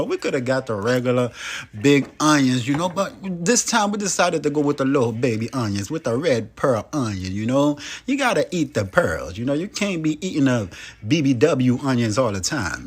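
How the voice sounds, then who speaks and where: A man talks viewers through a recipe in a loose, playful way, full of hype and little asides. His voice sits a bit high and swings widely in pitch. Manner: playful, hyped, chatty with frequent "boom" and "you know". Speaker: cooking video creator. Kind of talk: casual cooking commentary.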